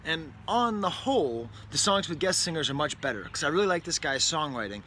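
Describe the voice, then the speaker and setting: A man from New England talks through a record review in a loose, rambling way, breaking off for wry asides and correcting himself mid-sentence. His voice is bright and slightly raised in pitch. A faint hiss of noise sits under the recording. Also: very animated, fairly quick. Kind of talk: casual spoken record review. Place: indoors near a window, with a bird outside.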